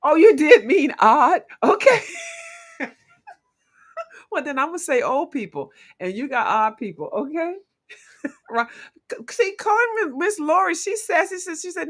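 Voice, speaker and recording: A woman hosting a casual livestream, chatting playfully with viewers and quick to laugh. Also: high-pitched, big pitch swings. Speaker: livestream host.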